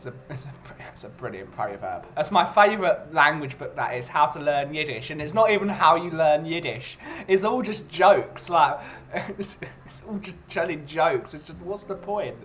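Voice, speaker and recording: Jokey, animated male host. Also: fairly high pitch, normal speed, hardly any pauses. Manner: jokey, rambling. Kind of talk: casual chat.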